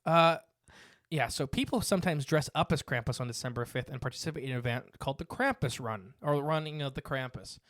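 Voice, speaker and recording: A man's voice: mid-range voice, fairly quick, a bit bright, no room sound. A man co-hosting a casual podcast, reading facts from his notes and rambling with fillers and restarts. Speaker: podcast co-host. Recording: dry close mic.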